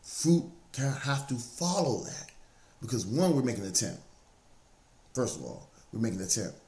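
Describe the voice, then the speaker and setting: This motivational speaker has a mid-range voice with big pitch swings and a dark tone, moving at a moderate pace. His casual, faith-based talk hammers key phrases through repetition, recorded in an echoey, roomy space.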